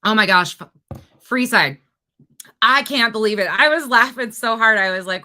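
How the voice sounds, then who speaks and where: With a fairly high-pitched voice at normal speed, a woman hosts a true crime livestream, chatting easily and reading out viewer comments in a lively, expressive manner.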